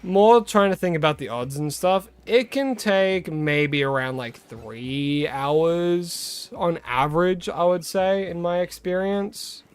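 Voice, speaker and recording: A man's voice: high-pitched, slow pace, hardly any pauses, clear, resonant tone. A young Australian man chatting casually with his viewers as a game streamer, greeting them and rambling between tips. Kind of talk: casual live-stream chat.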